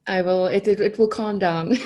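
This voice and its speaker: A woman's voice: medium pitch, dark tone. A woman from South Africa with a South African accent, a coach who is a guest on a podcast, chatting in a friendly way and laughing a little self-consciously. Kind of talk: casual chat.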